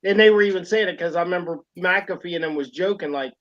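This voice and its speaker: Man, podcast co-host, casual rambling chat, slightly high voice, dull lo-fi audio. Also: fast, a bit bright. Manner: rambling, lots of fillers and "you know what I mean".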